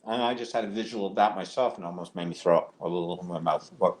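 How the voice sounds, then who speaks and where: A man's voice: deep voice, fast. A man co-hosting a casual live-stream chat, campy with theatrical exclamations and cheeky jokes. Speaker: co-host.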